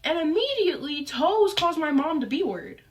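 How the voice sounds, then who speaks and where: A young woman vlogger telling a casual story, animated and full of fillers like "like" and "um". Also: high-pitched, moderate pace, slight background noise. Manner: animated, lively retelling with frequent fillers. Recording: voice picked up from a distance.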